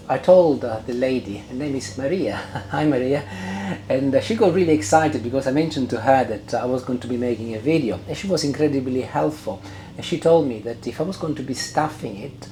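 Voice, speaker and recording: Mellow-voiced man hosting a cooking vlog. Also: mid-range voice, a little hiss or hum. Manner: chatty, frequent "uh" fillers. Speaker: cooking channel host. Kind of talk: casual cooking demonstration to camera.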